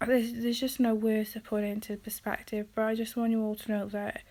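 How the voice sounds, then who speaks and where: A woman talks straight to camera in a personal confessional vlog. Her voice sits a little high but stays flat and even, and she halts often, with ums, and lets sentences fade away quietly. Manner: halting and hesitant, many ums, often trailing off quietly. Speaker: vlogger.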